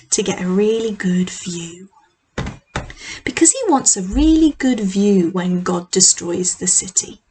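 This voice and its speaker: A middle-aged woman leading a children's church session, telling a Bible story with props in an animated, expressive way. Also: mid-range voice, slight background noise, poor audio.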